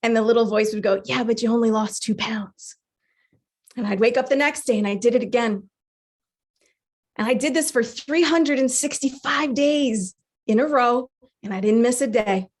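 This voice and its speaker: A woman in her forties telling a personal story to an audience, acting out her own inner voices with lively, animated delivery. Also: fairly high pitch, normal speed. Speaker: speaker sharing a personal story. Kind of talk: storytelling talk.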